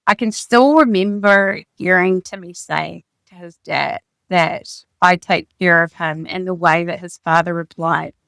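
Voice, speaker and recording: A woman's voice: fairly low pitch, a little slow, creaky, few pauses, fairly bright tone, smooth, no room sound. A woman author narrating her own story in the first person and adding candid comments after the chapter. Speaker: author reading her own book on her podcast.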